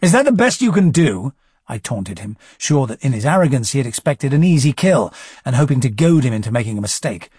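A man's voice: medium pitch, darkish tone, slightly rough, no room sound. A man narrating a first-person audiobook story with wry, dry understatement.

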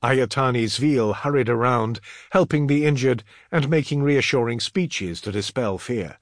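A man narrating an audiobook in a dramatic, expressive reading. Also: mid-range voice, a little slow, no echo, clean studio sound.

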